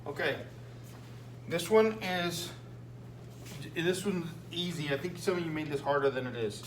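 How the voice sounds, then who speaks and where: With a fairly high pitch and a measured pace, a Spanish teacher reviews a written exam in a recorded lesson. Patient, repetitive explanations and frequent "okay?" check-ins mark his delivery, and the room echoes with a faint hum.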